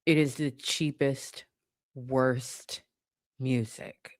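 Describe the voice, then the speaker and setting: A woman's voice: very deep voice, fairly even intonation, very slow, no echo. Blunt, profane woman ranting, dry sound. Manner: emphatic, repeats points for force. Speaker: commentator. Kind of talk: casual opinion rant.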